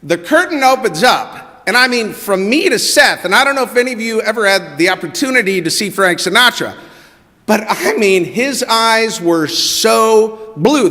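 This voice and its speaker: A middle-aged man telling a personal story to a church congregation, animated and quoting people in their own voices. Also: sits high. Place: church sanctuary. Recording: long reverb of a church hall.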